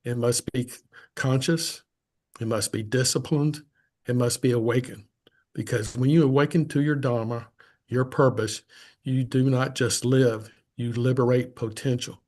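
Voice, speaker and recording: A man delivering a prepared inspirational speech on a video call, slow and solemn. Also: mid-range voice, steady tone, darkish tone.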